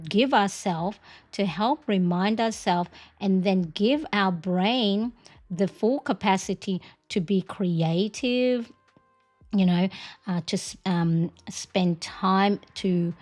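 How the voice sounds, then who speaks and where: A woman's voice: mid-range voice, takes it slowly, darkish tone. A middle-aged woman chatting on a planner livestream, talking casually and tagging her points with "right?" and "you know". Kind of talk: casual chat.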